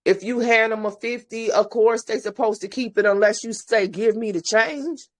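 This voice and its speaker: A woman's voice: on the high side, level tone, moderate pace. A woman host giving blunt, profane commentary, ranting with exasperation to her listeners.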